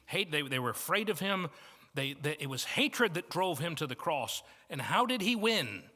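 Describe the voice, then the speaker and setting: A Midwestern American man preaches a sermon in a church banquet hall, his slightly high, bright voice carrying a long reverb. He tells homely stories, dropping to quiet asides and then rising to emphatic points. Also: very animated, moderate pace. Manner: storytelling with shifts from soft to emphatic. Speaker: guest preacher.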